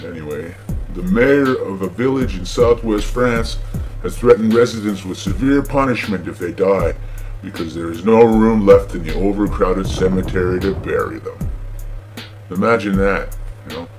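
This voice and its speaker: A man's voice: sits low, moderate pace, over music. A man hosting a show, ranting sarcastically about the news in a profane, mocking way. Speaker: podcast host. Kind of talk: comedic news rant.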